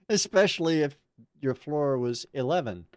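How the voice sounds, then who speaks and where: A man's voice: on the high side, expressive, a little slow, no echo, clean studio sound. A male host of a music review show, chatty and upbeat, laughing along with his panel.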